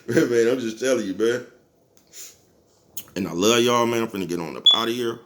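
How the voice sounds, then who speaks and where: A man's voice: mid-range voice, lively intonation, normal speed, noisy background. Male vlogger, casual motivational rant, easygoing and salty, laughs between lines. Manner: laid-back, chuckles often, keeps asking "you know what I'm talking about?"; profane, preachy street talk.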